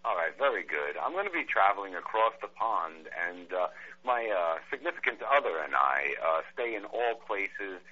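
A man's voice: sits low, big pitch swings, normal speed, pushed and bright, full character voice. A congested man playing a pushy American tourist in a prank phone call, rambling and mock-polite. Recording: tinny phone line.

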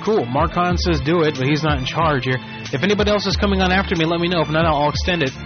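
A man's voice: fairly high pitch, fast. Laid-back male host, casual patter over music, muffled lo-fi audio. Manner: loose, rambling, casual. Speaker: radio show host. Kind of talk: casual radio chat. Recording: muffled lo-fi radio recording.

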